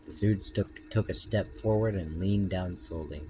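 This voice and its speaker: A man's voice: low voice, unhurried, few pauses, mellow, slight background noise, low-quality recording. A man reading his own story aloud, breaking off for casual, swearing asides to explain it.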